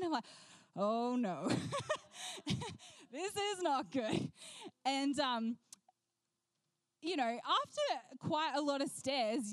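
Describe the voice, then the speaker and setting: High-voiced woman preaching. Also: dry recording. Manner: animated storytelling, acts out quoted voices, laughs often. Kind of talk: sermon with personal story.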